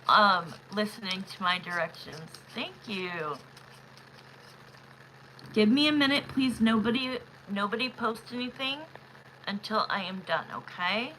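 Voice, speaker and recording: Woman host of a live tarot stream. Chatty and excitable, bright tone, unhurried delivery. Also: medium pitch, slight background noise, poor audio. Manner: chatty, excitable, talks to viewers directly. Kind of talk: casual live-stream chat.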